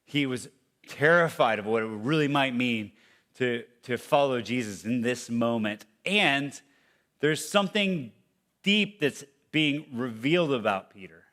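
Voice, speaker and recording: A man preaching a sermon as pastor in a conversational way, moving from loud emphasis to hushed, quiet passages. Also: medium pitch, animated, measured pace. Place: church.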